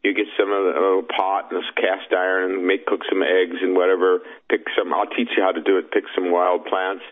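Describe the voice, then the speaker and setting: A male guest joins the show by phone, his lowish voice thin and tinny on the line. He talks in a lively, joking way and rambles from one point to the next. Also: brisk. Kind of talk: casual chat on talk radio.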